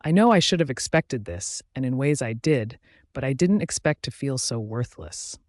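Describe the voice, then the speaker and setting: A man narrating a first-person fantasy audiobook in a reflective, measured reading. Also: medium pitch, expressive, no echo, clean studio sound.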